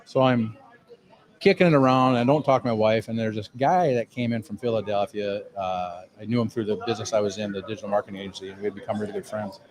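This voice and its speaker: A man's voice: lowish voice, fairly even intonation, fast, a crowd in the background, low-quality recording. A man, a cigar lounge owner telling a rambling, profane, self-mocking story in a lounge. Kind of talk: casual storytelling.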